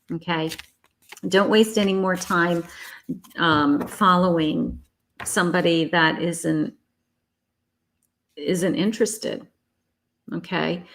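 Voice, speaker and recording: A middle-aged woman reading tarot cards on a live stream, chatting with viewers and reassuring them, calling them honey and sweetheart. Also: lowish voice. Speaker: psychic tarot reader hosting a live stream.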